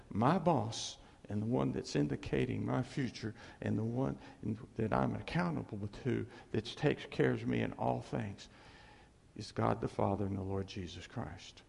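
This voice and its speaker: A man preaching in a loose, conversational way, with a heavily gravelly, husky voice pitched a little high. He repeats key phrases and keeps asking "okay?" and "see?", and his voice rings out in a long hall echo. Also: a little mellow. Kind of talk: conversational sermon.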